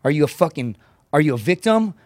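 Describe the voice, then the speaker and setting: A man, a comedian and former Marine, telling a rough story on a podcast in blunt, profane language. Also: fairly high pitch, dry recording, clean studio sound. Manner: profane, rapid, animated storytelling.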